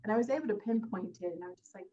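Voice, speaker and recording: A woman, an actress, talking in an interview in a heartfelt, halting way with many fillers and restarts. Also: mid-range voice, dark tone, lo-fi sound. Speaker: actress guest. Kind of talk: casual interview chat.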